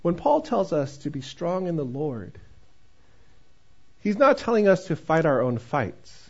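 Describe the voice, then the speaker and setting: A man's voice: a little high, very animated, measured pace, breathy edge. A male pastor preaching a sermon in a conversational style and joking with the congregation. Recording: dull, muffled recording.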